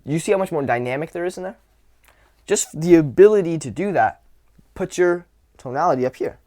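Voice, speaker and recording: A man coaching on social skills in a casual instructional talk, relaxed and grounded, slowing his words for emphasis. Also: fairly high pitch. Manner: demonstrative, swings from whisper to loud to show vocal dynamics; relaxed, grounded, drawn-out delivery with sighs.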